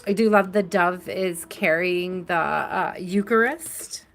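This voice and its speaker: A woman hosting a live tarot reading, talking to her viewers in a chatty, affectionate way and stretching out the words she stresses. She sounds tired and keeps yawning as she goes on. Soft music plays faintly behind her. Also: lowish voice. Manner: chatty and affectionate, drawn-out stresses, frequent laughs. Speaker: tarot reader.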